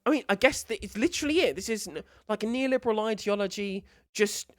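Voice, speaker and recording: A woman's voice: mid-range voice, fast, no echo. Woman streamer, live reaction commentary, incredulous and sweary, dry close sound. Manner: animated, incredulous, swears freely.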